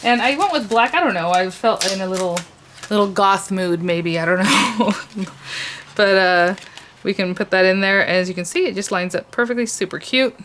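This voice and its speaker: Here the crafting host talks in a mid-range voice at normal speed, with a fairly bright tone and a little hiss or hum on the audio. She's at her desk leading a casual tutorial, thinking out loud with frequent restarts and small laughs.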